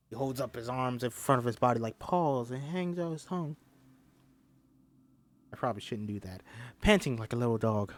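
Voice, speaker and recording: A man reading a film script aloud in a casual way, with lively, self-deprecating asides. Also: medium pitch, normal speed, long pauses. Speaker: script reader.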